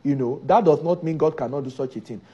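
Emphatic preacher man, husky and muffled. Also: a little high, fast, dark tone. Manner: emphatic, repeats key phrases. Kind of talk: sermon.

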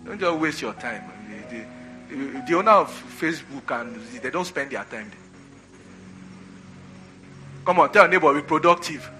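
A man preaches with a bright, forceful voice pitched a little high. He drives home his points by repeating phrases and calling for answers from the congregation. Soft music plays faintly behind him. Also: animated, moderate pace, long pauses. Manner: call-and-response preaching, repeats phrases for emphasis. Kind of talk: sermon.

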